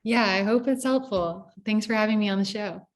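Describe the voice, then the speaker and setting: A woman's voice: mid-range voice, moderate pace. A woman who is a guest on a podcast, talking casually and a bit hesitantly. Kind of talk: casual interview chat.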